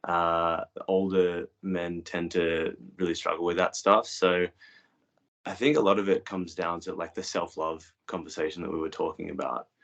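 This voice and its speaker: Very deep-voiced male coach. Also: flat delivery, moderate pace, vocal fry, fairly bright tone, dull audio. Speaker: men's coach. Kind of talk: interview guest.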